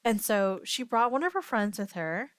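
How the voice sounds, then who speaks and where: A woman streamer tells a meandering story in casual chat, stopping and restarting with plenty of fillers. Her voice sits at a middling pitch and sounds close and dry. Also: big pitch swings, normal speed, fairly bright tone, smooth, dry recording.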